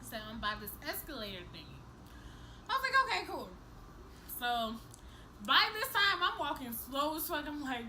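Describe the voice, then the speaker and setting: Bright high-voiced young woman telling a story. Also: normal speed, pauses often, slight background noise, rough recording. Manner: animated, profane, acts out each person's lines, laughs through the story. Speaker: vlogger. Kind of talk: casual storytelling to camera.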